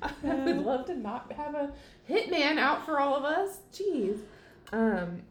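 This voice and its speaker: Lively young woman in an echoey room. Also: sits high, takes it slowly. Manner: animated, laughing retellings with quoted lines. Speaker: podcast co-host. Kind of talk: casual chat recapping a TV episode. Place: room in a family house. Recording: echoey room, faint background noise.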